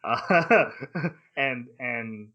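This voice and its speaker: A grown man talks through a story on a casual podcast, full of fillers and breezy paraphrase. His pitch sits in an ordinary middle range. The audio is a bit dull and lo-fi. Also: animated, very slow, pushed and bright. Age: adult. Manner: recaps the plot at length with fillers and playful paraphrased quotes. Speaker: podcast host. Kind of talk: casual anime discussion podcast.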